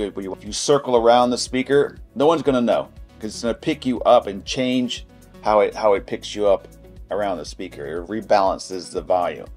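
A man's voice: on the low side, a little mellow. A man hosting a casual product review, talking in a chatty, anecdotal, informal way.

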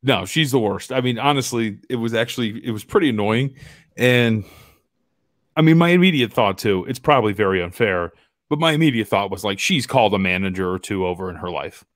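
Joking podcast host, dry close sound. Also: male voice, lowish voice, lively intonation, brisk, no room sound. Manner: joking, laughs often, reacts to images on screen. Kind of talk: casual chat.

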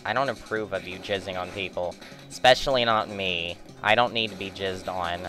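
A man's voice: low-pitched, normal speed, pushed and bright, faint music behind. A young man giving rambling, joking gameplay commentary, swearing at the bosses as he plays. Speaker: let's play commentator.

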